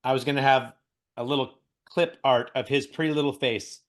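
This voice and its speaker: A man co-hosting a casual podcast, animated and joking, laughing often and rambling through news. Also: medium pitch, a little fast. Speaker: podcast co-host. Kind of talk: casual chat.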